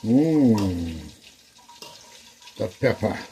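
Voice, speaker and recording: A man's voice: on the low side, animated, drawn-out words, creaky, warm tone, slight background noise, poor audio. A man hosting a casual cooking demonstration in his kitchen, chatting to viewers and repeating phrases as he works. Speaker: cooking show host.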